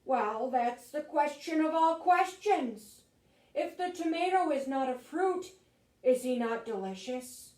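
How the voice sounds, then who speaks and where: A woman voicing Old Man Produce, an ancient and wise male raisin, who speaks in slow, grand, mystical pronouncements. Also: high voice, lively intonation, a little mellow, pitched above the performer's own voice. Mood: solemn. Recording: roomy echo, voice from a distance.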